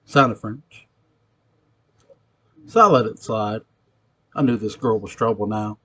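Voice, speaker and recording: A gritty, streetwise ex-convict from New York tells of a ghostly encounter in an acted monologue, his speech profane and full of attitude. His voice sits on the low side, expressive and sharp-toned at a normal speed, though the recording sounds muffled.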